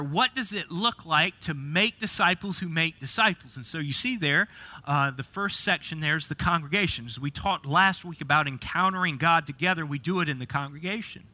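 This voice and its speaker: A man's voice: fairly high pitch, sharp tone. A middle-aged man preaching a sermon as pastor, telling a story and often repeating and restarting words.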